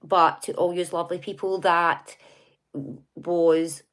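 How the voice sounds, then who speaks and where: A middle-aged woman with a Scottish accent talks through the news on a relaxed livestream. Her voice sits a little low, and she chats in a gossipy way, laughing often and reacting to viewer comments as she goes. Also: slow. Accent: Scottish (Glasgow area). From Scotland. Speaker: livestream host. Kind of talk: casual livestream chat reading news and comments.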